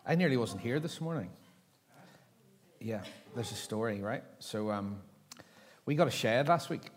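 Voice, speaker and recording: A man's voice: mid-range voice, expressive, measured pace. A middle-aged man preaching a sermon from a stage microphone. He talks in a chatty, self-mocking way and laughs at his own stories. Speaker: pastor. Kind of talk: sermon with storytelling. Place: large church hall. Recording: church hall with long reverb.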